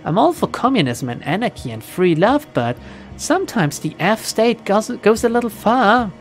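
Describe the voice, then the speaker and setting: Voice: mid-range voice, big pitch swings, normal speed, soft background music, voice pushed up. A streamer voicing a cheerful, hard-drinking young American woman shaman in a put-on Valley Girl accent while reading a game aloud. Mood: wistful. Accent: attempted American Valley Girl.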